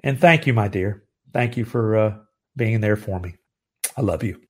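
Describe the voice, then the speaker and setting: A man's voice: fairly low pitch, slightly rough. Earnest middle-aged American man host. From United States. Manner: earnest, grows emotional, halting restarts. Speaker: live show host. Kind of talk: heartfelt live-stream talk.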